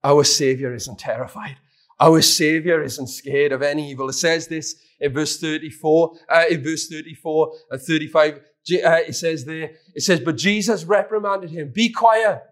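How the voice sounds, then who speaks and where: Man preaching a sermon, voice pitched high. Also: fairly even intonation, moderate pace, a bit bright. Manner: reads scripture aloud with rising emphasis, repeats key lines. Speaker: pastor.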